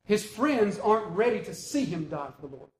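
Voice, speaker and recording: A man preaching a sermon as pastor, animated and emphatic, with rhetorical questions. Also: high voice, moderate pace, poor audio.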